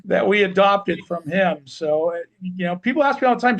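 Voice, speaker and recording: A man's voice: high voice, lively intonation, fairly quick, gravelly, a bit bright. A man hosting a business podcast, giving short affirmations and wrapping up the episode in casual chat. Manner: brief affirmations, friendly wrap-up of the show. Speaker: podcast host.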